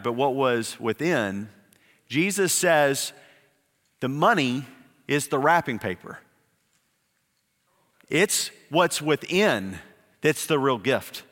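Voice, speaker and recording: A man preaches from the pulpit with a slightly high voice and a long hall reverb. He presses his points with repetitions, slowing and dropping his voice on the key words of an emphatic sermon. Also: pushed and bright. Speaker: pastor.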